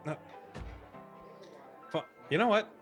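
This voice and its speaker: A man playing a tabletop game casually, joking and making quick asides. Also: sits high, a bit bright, faint music behind. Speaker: player.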